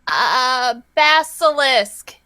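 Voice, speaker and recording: A woman's voice: high voice, expressive, extremely slow, sharp tone, clean tone. A woman playing a tabletop role-playing game, casual and playful, slipping in and out of character. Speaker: player.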